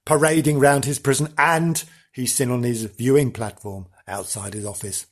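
A man's voice: medium pitch, steady tone, normal speed, fairly bright tone. A man hosting a comedy podcast, telling ghost stories in a camp, theatrical way, full of dramatic "oh"s. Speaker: podcast host. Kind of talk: comedic storytelling chat.

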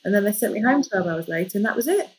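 A woman, a podcast guest, telling a personal story in a lively, jokey way. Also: medium pitch, rapid-fire, low-quality recording. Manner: lively, jokey, animated retelling. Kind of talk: casual storytelling.

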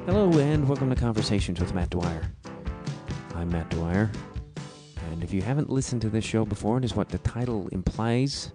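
A man with a Chicago accent hosting his own podcast, speaking in a halting, reflective way with frequent restarts. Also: on the low side, expressive, over loud music. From Midwestern United States. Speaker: podcast host. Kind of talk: casual solo podcast intro.

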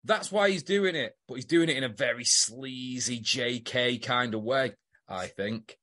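A man's voice: medium pitch, a little slow, sharp tone. A British man co-hosting a podcast, casually recapping a soap episode, joking and swearing freely. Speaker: podcast co-host.

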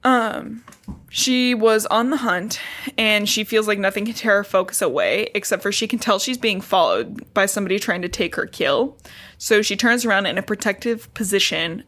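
Woman on a podcast retelling a book chapter by chapter, sarcastic and sweary, mid-pitched, throws in quick little voices for the characters. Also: fairly bright tone. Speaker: podcast co-host recapping a book.

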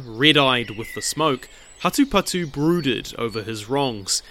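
A man's voice: mid-range voice, fairly bright tone. Man narrating a dramatic legend. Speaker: storyteller.

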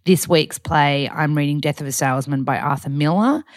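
An Australian woman chats through a podcast in a bubbly, teasing way. Her voice sits low. The sound is close and dry, with no room to it. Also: normal speed, no room sound. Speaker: podcast co-host. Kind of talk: casual chat.

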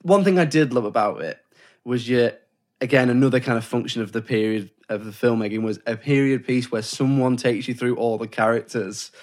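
A man's voice: medium pitch, a little fast, darkish tone. A man co-hosting a casual film discussion podcast, rambling and self-correcting, often acting out quoted lines. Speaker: podcast co-host.

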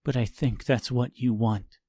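A man voicing a stern young hero in an audiobook, speaking in a hushed, deliberate way. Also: medium pitch, fairly even intonation, no room sound, clean studio sound, lightly acted. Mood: cold contempt.

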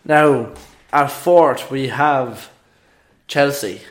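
A man co-hosts a casual football podcast. He argues his views emphatically at an average pitch. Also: very slow, background noise. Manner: opinionated, emphatic. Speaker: podcast co-host.

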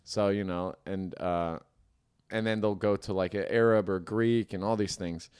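A man's voice: on the low side, steady tone, moderate pace, darkish tone, clean tone. A man co-hosting a comedy podcast, rambling in casual banter and filling his talk with "like" and "you know". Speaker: podcast co-host.

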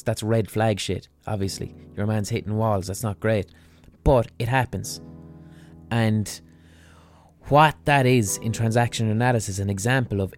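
A man hosting a podcast, explaining in a casual monologue in a blunt, profane way. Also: on the low side. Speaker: podcast host.

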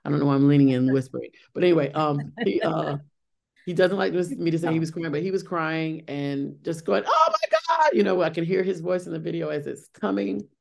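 In this interview, a middle-aged woman who acts on Broadway talks chattily, full of fillers and false starts. She speaks briskly in a deep, gravelly voice with a darkish tone.

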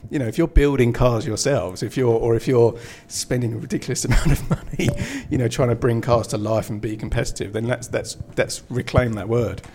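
A man's voice: mid-range voice, steady tone, brisk, few pauses, darkish tone, slight background noise. A man who edits a magazine, talking casually on a panel with lots of fillers and restarts. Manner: chatty, many fillers and restarts. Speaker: magazine editor.

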